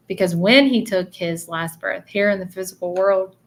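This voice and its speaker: A woman's voice: medium pitch, moderate pace. A woman giving a psychic reading to viewers on a livestream. She talks earnestly and often checks in with "okay?". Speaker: psychic medium.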